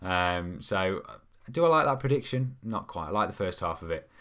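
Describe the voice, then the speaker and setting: A man's voice: low-pitched, expressive, moderate pace, a bit bright. A young man, hosting a football fan live stream in a casual, rambling way, reading out viewer comments with lots of ums. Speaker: fan channel host.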